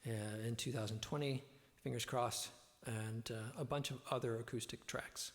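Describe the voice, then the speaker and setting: A man hosting a live-stream show, rambling as he talks, with many fillers. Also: medium pitch. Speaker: host and musician. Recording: reverb-heavy echoey audio.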